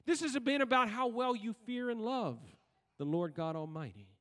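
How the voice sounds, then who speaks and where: A man's voice: extremely high pitch, animated, moderate pace, a bit bright. A male pastor preaching a sermon in a church, often asking the congregation questions and waiting for their reply. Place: church sanctuary. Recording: long hall reverb in church.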